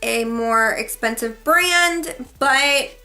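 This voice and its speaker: A woman's voice: high-pitched, very slow, sharp tone. A woman beauty vlogger reviewing her favorite products in a casual, gushing, chatty way, correcting herself as she goes.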